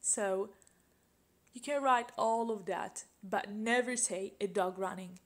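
A woman's voice: medium pitch, takes it slowly. A woman teaching an English grammar lesson, patiently asking questions and repeating example sentences.

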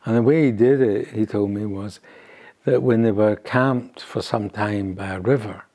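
Speaking in a mellow, lowish voice, an older man from Scotland recounts a family story during an oral history interview, rambling and hesitating and often starting over.

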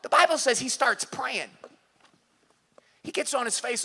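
A male pastor with a Californian accent, preaching an impassioned sermon, often shouting and acting out little scenes. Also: very high voice, animated, normal speed. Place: church service.

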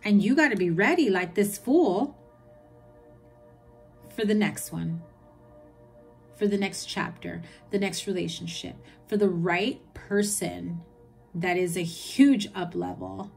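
A woman's voice: on the low side, slow pace, creaky, pauses often, a little mellow, husky, faint music behind. A woman giving a tarot reading in a chatty, reassuring way, listing card meanings. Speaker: tarot reader.

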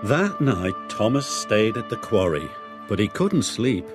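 Slow expressive storybook narrator, man. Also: on the low side, music in the background. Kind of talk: storybook read-aloud.

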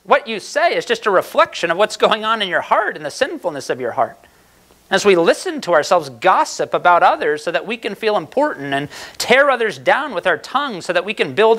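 A man's voice: high-pitched, a bit bright. A man preaching a sermon as pastor, earnest and emphatic, asking the congregation rhetorical questions.

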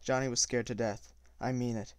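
A man reading a novel aloud at a steady pace, with small slips and self-corrections. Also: medium pitch, moderate pace, smooth, no echo. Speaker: audiobook reader.

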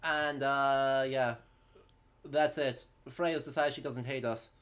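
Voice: medium pitch, steady tone, slow pace, fairly bright tone, smooth. Upbeat, chatty stream co-host. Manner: chatty, upbeat, plugs the channel, recaps the story. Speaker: co-host of a history gaming stream. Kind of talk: casual live-stream chat.

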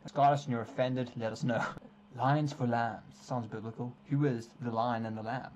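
A man's voice: medium pitch, fairly even intonation, moderate pace, darkish tone, rough recording. A young man casually commentating a game stream, playful and teasing, with preachy asides. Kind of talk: casual let's-play commentary.

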